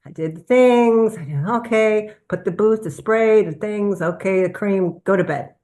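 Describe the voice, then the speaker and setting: A woman physician giving an animated personal testimonial at a business presentation. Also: medium pitch, unhurried. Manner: animated storytelling, acts out quoted voices.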